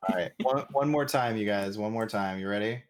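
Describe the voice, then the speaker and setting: A man's voice: on the low side, fairly quick. A man co-hosting a casual group chat show, laughing often and hedging his words. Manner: laughs often, hesitant and self-deprecating. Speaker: podcast co-host.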